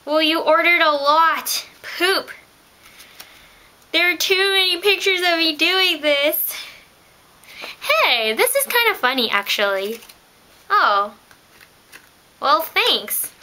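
A young woman chatting excitably in a casual vlog, telling stories as she opens her mail indoors. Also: extremely high pitch, takes it slowly, pauses often. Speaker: vlogger. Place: indoors in a room.

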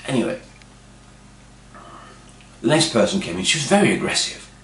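A man's voice: mid-range voice, big pitch swings, moderate pace, fairly bright tone, reverberant. A man telling a dry, rambling comic story. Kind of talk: comic monologue.

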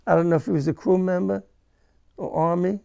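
Older man, veteran interviewee; high for a man, heavy gravel, emotional and halting. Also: fairly even intonation, warm tone. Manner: halting, repeats words, emotional. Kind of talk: first-person war recollection.

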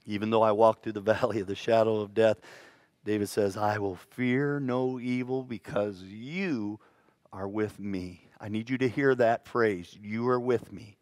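Man preaching, swings soft to loud. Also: fairly low pitch, a little slow, no echo. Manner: animated storytelling, swings from hushed to loud. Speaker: pastor. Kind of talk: sermon. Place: church sanctuary.

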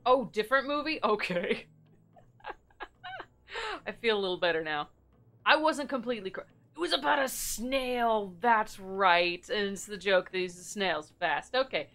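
A woman's voice: medium pitch, expressive, measured pace, a bit bright. A young woman streaming a game, chatting casually with viewers, giggly and thinking aloud. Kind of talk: casual gameplay chat.

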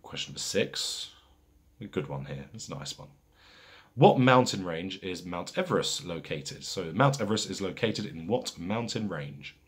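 A man with a low, husky voice runs a casual pub quiz. He reads each question out twice at an unhurried, deliberate pace and drops in chatty asides with plenty of fillers between rounds. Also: lively intonation.

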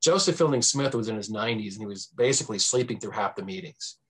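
A man with a husky, slightly rough voice tells history as a podcast guest. He speaks in a lively, storytelling way, jumping up in pitch to make a point, with plenty of ums and restarts. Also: fast talker. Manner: animated, swings pitch for emphasis; frequent fillers and restarts. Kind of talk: conversational storytelling.

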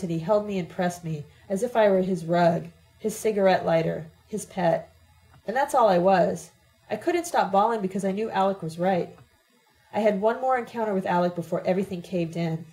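A woman giving a steady, plain first-person audiobook narration. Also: medium pitch, moderate pace, low-quality recording. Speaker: audiobook reader.

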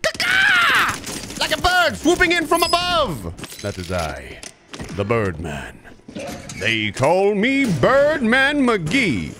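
A man's voice: sits high, wildly swooping pitch, slow, background noise, pitched above the performer's own voice, heavily acted. A man voicing a grandiose male bird-man hero who caws and announces himself theatrically, over game sounds. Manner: theatrical, cawing, self-announcing.

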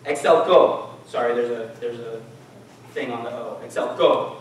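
A man's voice: medium pitch, normal speed, slight background noise. Man preaching in an echoey hall. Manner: casual, conversational preaching with audience questions. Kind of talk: sermon. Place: church hall. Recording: echoey church hall, mic from far off.

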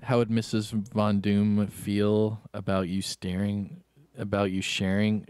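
Slow-talking laid-back gamer guy. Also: fairly low pitch, fairly even intonation, a little mellow, clear, resonant tone, no echo. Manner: chatty, laid-back, reads and answers chat. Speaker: streamer playing a shooter game. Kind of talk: casual gameplay commentary.

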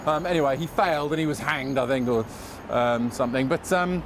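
A man's voice: mid-range voice, a little fast, background noise. A man with an English accent guiding a casual walking tour, rambling and chatty with a self-mocking streak, recorded outdoors on a city street. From England.

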